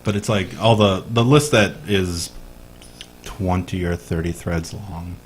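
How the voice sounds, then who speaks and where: A man's voice: low-pitched, measured pace, husky. A man who is the guest on a casual podcast, joking and then explaining game rules in a laid-back way.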